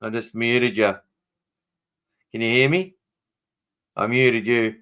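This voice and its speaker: Australian man, bright tone, quick chatty podcast host. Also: mid-range voice, fairly even intonation. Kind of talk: casual chat.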